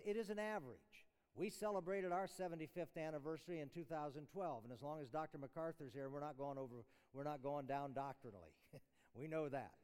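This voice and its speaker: A man's voice: on the high side, darkish tone, clear, resonant tone. A middle-aged man giving a chapel sermon, explaining scripture in an earnest, teaching way with restarts and small chuckles. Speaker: chapel speaker. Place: university chapel hall. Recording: reverberant hall.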